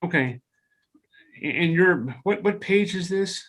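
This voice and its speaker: Man, judge, higher-pitched, halting restarts, video call. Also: expressive, a bit bright. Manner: halting, repeats words as he thinks. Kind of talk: presiding over a remote court hearing.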